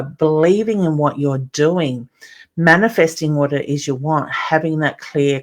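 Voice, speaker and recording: A middle-aged woman with an Australian accent and a somewhat low voice chats through a live stream. She greets viewers by name and calls them honey as she reads out their comments, in an easy, running talk that stays personal throughout. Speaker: psychic medium hosting a live stream.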